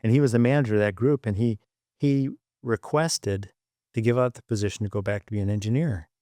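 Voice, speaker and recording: A man's voice: fairly low pitch, fairly quick, no room sound, studio quality. A middle-aged man from Michigan, a podcast guest and former engineer, telling stories in an interview and acting out the people he quotes. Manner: animated storyteller, acts out quoted voices. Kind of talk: storytelling interview.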